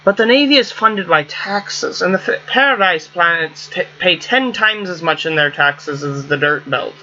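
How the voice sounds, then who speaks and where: A man's voice: sits high, animated, moderate pace, sharp tone, highs cut off, a little hiss or hum. A man reading aloud the lines of a formal adult male starship crewmate in a plain voice. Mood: explaining. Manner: plain read-aloud delivery.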